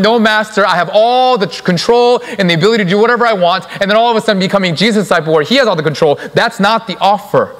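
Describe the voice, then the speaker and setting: A man's voice: high voice, a bit bright. Emphatic male pastor in a reverberant hall. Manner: emphatic, repeats key words for stress. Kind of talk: sermon. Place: church sanctuary.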